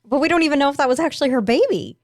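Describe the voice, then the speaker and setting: A woman's voice: sits high, expressive, racing, no room sound, clean studio sound. A woman co-hosting a casual podcast, reacting with chatty disbelief and hesitant fillers. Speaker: podcast co-host.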